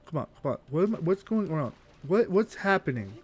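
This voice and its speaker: A man's voice: fairly high pitch, very animated, a little fast, breathy edge. A young adult man streaming a game live, chatting to his viewers and thinking aloud while he plays. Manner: thinks aloud while playing and reading chat. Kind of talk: live gameplay commentary.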